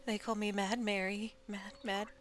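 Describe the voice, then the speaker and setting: A woman voicing a frantic old mother who stutters and repeats her words, pitched up and breathy in places. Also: level tone, moderate pace, a little hiss or hum, natural voice. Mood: pleading.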